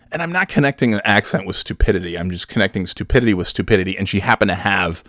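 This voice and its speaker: A man from New York rambles through a story in a casual, joking way, full of "uh"s and "like"s. His voice is low and the sound is dry and close, with no room around it. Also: expressive, fast talker, hardly any pauses, fairly bright tone, no room sound. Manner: rambling, joking, many fillers. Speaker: vlogger.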